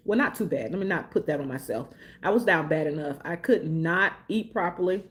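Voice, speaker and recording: Chatting playfully and quickly with her live stream viewers, this woman from Mississippi has a low voice with lively intonation. She's still getting over a sore throat.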